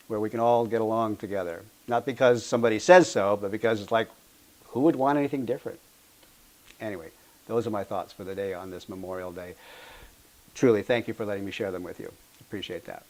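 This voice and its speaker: A man teaching tai chi, talking casually and warmly to his class, with easy laughs. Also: medium pitch. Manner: gentle, heartfelt, laughs easily. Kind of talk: casual talk and storytelling to a class.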